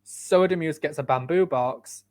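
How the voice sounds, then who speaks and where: A man's voice: on the high side, measured pace, a little mellow. A man from the United Kingdom co-hosting a podcast, chatting casually with dry, sarcastic asides. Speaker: podcast co-host. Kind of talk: casual chat.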